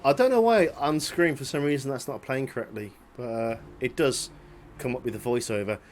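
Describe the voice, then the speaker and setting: A man's voice: mid-range voice, fairly quick, slight background noise. A man in his late twenties giving casual, rambling commentary over old video clips, swearing freely and chuckling to himself. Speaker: vlogger.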